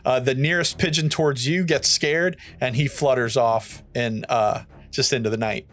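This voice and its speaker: A man's voice: mid-range voice, fairly even intonation, normal speed, a bit bright. A man running a tabletop game as game master, laid-back, laughing often and using many fillers.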